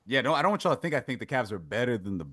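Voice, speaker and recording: A man's voice: medium pitch, big pitch swings, rapid-fire, a bit bright, dry recording, studio quality. A man hosting a casual sports podcast, pushing back on points and pulling others into the discussion. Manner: pushes back, steers the talk, asks others in. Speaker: podcast host.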